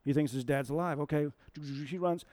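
A man's voice: on the high side, fairly quick, a little mellow, no room sound. A man preaching a sermon, telling a story and asking the audience questions.

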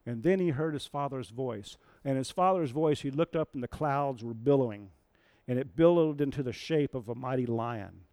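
A man's voice: mid-range voice, normal speed, few pauses, warm tone, no room sound. A man preaching a sermon, telling a story and asking the audience questions.

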